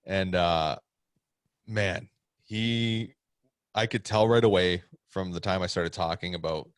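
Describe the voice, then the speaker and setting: A man tells a story in a rambling way, laughing often and swearing freely. His voice sits a little low. The sound is dry and close to the mic. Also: slow, clear, resonant tone, no room sound. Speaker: podcast co-host, pro wrestler. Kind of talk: casual chat.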